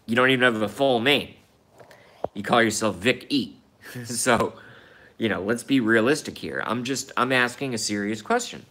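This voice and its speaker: Speaking at normal speed in a medium-pitched, sharp voice, a man hosts a live stream where he angrily rants about politics. He curses frequently, repeats himself, and reads out and answers comments from viewers.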